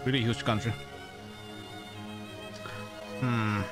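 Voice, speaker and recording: A man's voice: medium pitch, level tone, slow. A male streamer giving casual, rambling commentary while playing a game. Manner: musing, rambling asides. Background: game music.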